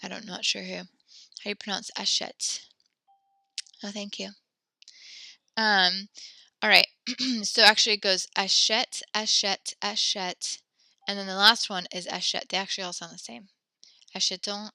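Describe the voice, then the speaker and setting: A woman teaching a French class over a video call, patient and encouraging, reading sentences slowly and praising her students. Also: medium pitch, steady tone, vocal fry, bright, forceful tone, no room sound.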